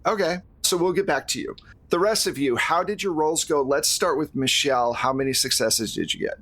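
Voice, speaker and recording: A man narrating as the game master of a tabletop role-playing game, relaxed and talkative, laughing easily. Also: on the high side, fairly quick.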